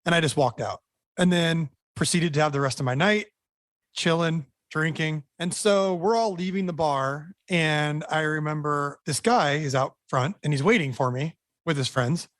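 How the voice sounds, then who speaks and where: A man, a band member, telling a rowdy story in a casual, animated way, often restarting and repeating words. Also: a little high, normal speed, no echo, studio quality.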